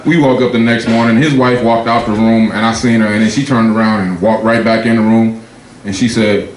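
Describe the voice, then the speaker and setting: A man doing a profane stand-up set, telling loose stories and jumping high in pitch for his punchlines. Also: steady tone, a little fast. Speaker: stand-up comedian. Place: comedy club stage before a laughing audience. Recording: echoey club room with crowd noise.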